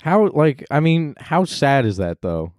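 Animated young man, crude jokes. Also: a little high, unhurried, no room sound, clean studio sound. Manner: animated, profane, joking. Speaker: podcast co-host. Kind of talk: casual chat.

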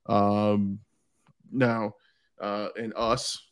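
A man's voice: fairly low pitch, little pitch movement, smooth. A man hosting a live-stream show, chatting casually and laughing often as he talks. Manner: laughs often, quick restarts. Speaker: podcast host.

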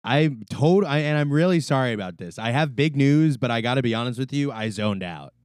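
Male podcast co-host, casual, animated, cursing a lot, dry close sound. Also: medium pitch, fairly quick, dry recording. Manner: animated, swearing, self-deprecating, laughs often. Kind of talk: casual chat.

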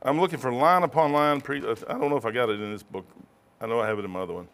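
A man's voice: mid-range voice, very fast, fairly bright tone, smooth. A man, a pastor, teaching a casual Bible study in a rambling, conversational way, often throwing in "man.".

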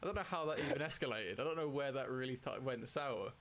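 A man's voice: mid-range voice, lively intonation, fast talker, fairly bright tone. A man hosting a casual chat, playful and laughing a lot.

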